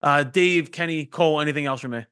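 A man's voice: a little high, quick pace, a bit bright, smooth. A man hosting a podcast, telling loose, profane stories in casual chat. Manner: loose, profane storytelling with laughs. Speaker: podcast host.

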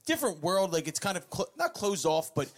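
A man's voice: high voice, big pitch swings, a little fast. A man from the Philadelphia area hosting a podcast interview in an enthusiastic, friendly way. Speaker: podcast host interviewing a guest. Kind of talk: casual interview.

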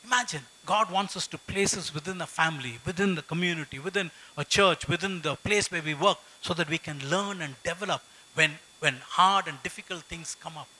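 A middle-aged man preaching a sermon in a high, very bright voice. He talks emphatically, repeating key phrases and weaving in personal stories. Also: fairly quick, a little hiss or hum, poor audio. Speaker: pastor.

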